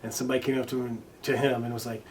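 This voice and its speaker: A man being interviewed as a guest, telling stories casually, with many restarts and fillers, now and then swearing and loudly acting out what others said. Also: medium pitch, little pitch movement, very fast, recorded from a distance. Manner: swears casually and acts out quoted lines loudly. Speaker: interview guest, recording artist. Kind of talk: casual storytelling in conversation.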